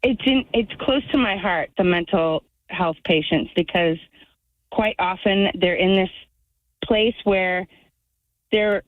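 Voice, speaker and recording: A woman calling in to a radio show, a former therapist who talks haltingly, searching for words. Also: mid-range voice, no room sound. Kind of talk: phone call to a radio show. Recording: tinny phone line.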